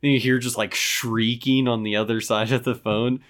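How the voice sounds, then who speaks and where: A young man with a mid-range voice, chatting easily and recounting memories. He often pauses to gather his thoughts. The tone stays relaxed throughout. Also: mid-range voice. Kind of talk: casual chat.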